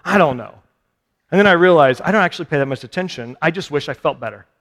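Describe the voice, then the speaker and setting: A man's voice: a little high, very fast, fairly bright tone. A male pastor giving a conversational sermon, poking fun at himself and putting questions to his listeners. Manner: conversational, self-deprecating, rhetorical questions to listeners. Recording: long reverb of a large hall.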